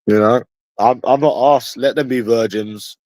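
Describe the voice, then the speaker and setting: A man's voice: medium pitch, a little slow, darkish tone, no room sound. London guy on a stream going off at his chat, swears a lot, keeps repeating himself, dry sound. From London, England. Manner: confrontational, profane, repetitive. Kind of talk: combative livestream rant.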